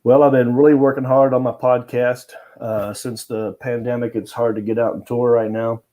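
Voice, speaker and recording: A man's voice: mid-range voice, flat delivery, moderate pace, warm tone. A comedian guest telling a story in a casual chat, laughing often as he goes.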